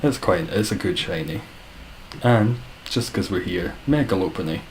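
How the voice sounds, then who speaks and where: Scottish man, lowish voice, live streamer, dry self-deprecating banter, faint background hiss. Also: expressive, normal speed, poor audio. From Scotland. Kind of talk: casual live-stream chat reading viewer comments.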